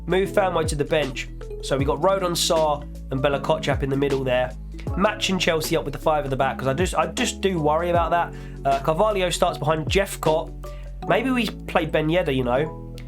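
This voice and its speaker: A man's voice: on the high side, a little fast, music in the background. A young man giving casual, jokey commentary over a football video game, his voice a little strained. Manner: chatty, jokey, excitable play-by-play. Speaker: gaming YouTuber.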